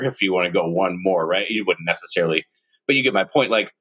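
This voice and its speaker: Male podcast host, lowish voice, bright tone, reflective, rephrases points. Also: a little fast. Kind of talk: conversational interview.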